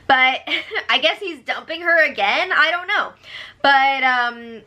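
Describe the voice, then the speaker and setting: A woman's voice: sits high, animated, takes it slowly, bright, forceful tone. A woman giving a gossipy, sarcastic casual recap of a reality show, breaking into disbelieving exclamations. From United States.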